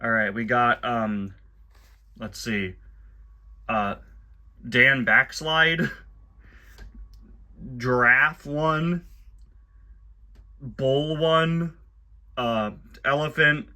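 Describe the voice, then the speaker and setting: A man's voice: mid-range voice, very slow, pauses often, sharp tone. A man casually commenting on a children's book and reading bits aloud, chatty and wry with frequent asides. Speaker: host reviewing a children's book.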